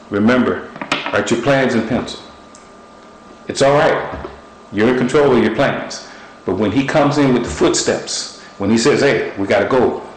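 A middle-aged man preaching a sermon, repeating short phrases and using objects as illustrations. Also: mid-range voice. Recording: echoey room with faint noise.

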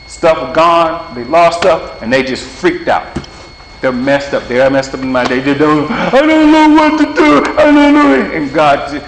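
A man preaching an informal sermon in a plain-spoken, folksy way, acting out little dialogues, then leading a prayer. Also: a little high. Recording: echoey hall with faint hum.

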